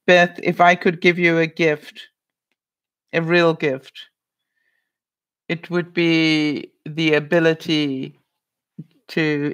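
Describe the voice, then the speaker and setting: A woman's voice: deep voice, clean tone. A middle-aged woman vlogger giving earnest, casual advice to viewers. She often restarts her sentences and says "you know".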